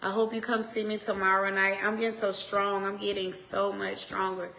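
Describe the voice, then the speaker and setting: A woman minister in her forties delivers a motivational exhortation to her viewers. Her voice is gravelly, with a bright, forceful edge. She hammers her points with repetition and moves between loud urging and quiet asides. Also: medium pitch, monotone, moderate pace. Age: 40s.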